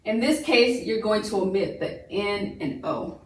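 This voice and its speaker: A woman's voice: mid-range voice, animated, a little slow. Woman homeschool teacher; casual talky delivery full of fillers, recorded from a distance in a reverberant room. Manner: chatty, repeats and restarts, many fillers. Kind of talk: recorded classroom lesson. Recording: roomy echo, voice from a distance.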